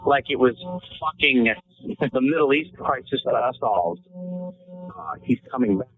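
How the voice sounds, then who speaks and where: A man's voice: mid-range voice, very animated, measured pace, soft background music. A man hosting a podcast, trading crude comedic banter in a brash, profane, ribbing way. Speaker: podcast host. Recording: tinny phone-like audio.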